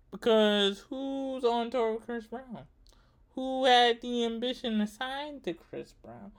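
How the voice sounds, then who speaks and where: A man's voice: high voice, fairly bright tone. A young man doing stand-up comedy, telling rambling, profane stories and repeating his punchlines.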